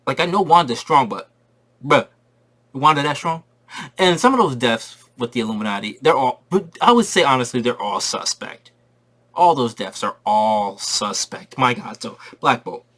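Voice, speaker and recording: A man giving a casual spoiler review of a movie, excitable and slangy, repeating his points for emphasis. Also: mid-range voice, normal speed.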